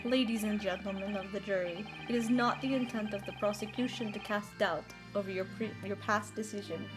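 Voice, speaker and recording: A woman's voice: mid-range voice, steady tone, brisk, music in the background, pitched below the performer's own voice, natural voice, low-quality recording. A woman voicing a cold, menacing aristocratic male prosecutor in a courtroom game, speaking in formal, solemn oratory. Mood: accusing.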